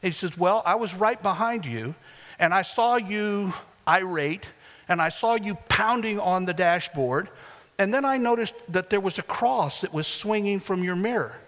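A man with a high, light voice preaches to his congregation, swinging between quiet asides and loud, emphatic climaxes. His voice rings out with a long echo from a church sanctuary. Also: normal speed. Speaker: pastor. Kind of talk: sermon.

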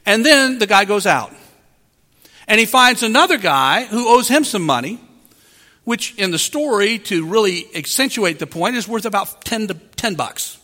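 A man preaching with a very high, bright voice that carries through a long, echoing hall. He delivers his sermon earnestly and emphatically, leaning on dramatic pauses. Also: lively intonation. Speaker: pastor. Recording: reverberant hall.

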